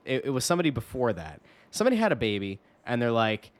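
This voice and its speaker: A man co-hosting a casual hockey podcast, talking in an animated, mock-indignant rant. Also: mid-range voice, quick pace. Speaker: podcast co-host.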